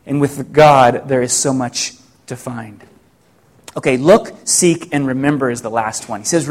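A middle-aged pastor preaching a sermon, reflective and full of rhetorical questions, with frequent restarts. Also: male voice, a little high.

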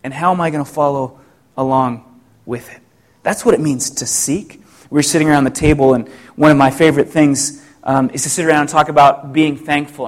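A middle-aged pastor preaching a sermon, reflective and full of rhetorical questions, with frequent restarts. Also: male voice, a little high.

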